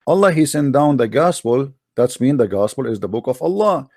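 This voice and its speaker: A man's voice: medium pitch, very animated, brisk, a little mellow, no echo. Argumentative man, dry close sound. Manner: argumentative, mocking, challenging. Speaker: host. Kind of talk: debate on a live call-in stream.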